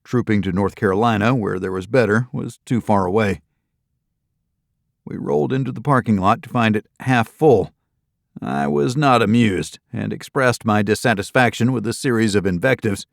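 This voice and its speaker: Gravelly low-voiced male audiobook narrator. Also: normal speed, no room sound, clean studio sound. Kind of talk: first-person thriller narration.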